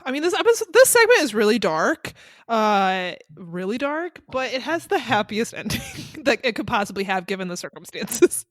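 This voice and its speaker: A woman co-hosting a podcast, tossing in dry, short reactions and laughing often. Her voice sits a bit high and moves a lot in pitch, recorded close and dry. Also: very animated, moderate pace, dry recording. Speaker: podcast co-host. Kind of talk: casual podcast chat.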